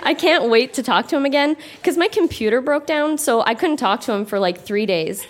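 A woman's voice: high voice, expressive, a little fast, background noise. Young woman laughing through her teen diary. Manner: amused, breaks into laughter often. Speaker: guest reader. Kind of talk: reading her childhood diary aloud on stage. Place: live theatre stage.

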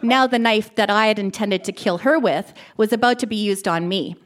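A woman reading a first-person short story aloud in a steady, plain manner. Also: medium pitch, moderate pace. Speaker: reader.

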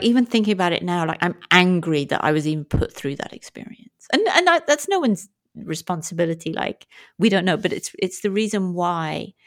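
A woman guest on an interview talks in a candid, lively storytelling style. She jumps into quoted speech with plenty of energy. Her pitch sits slightly below the usual for women. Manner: animated and frank, acts out quoted speech. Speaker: guest, movement and breathwork coach.

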